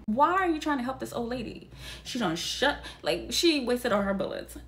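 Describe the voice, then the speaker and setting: A young woman talks through a film reaction in a casual, incredulous way, swearing freely. Her voice sits fairly high and swings widely in pitch. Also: animated, moderate pace, fairly bright tone. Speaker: vlogger reviewing a film.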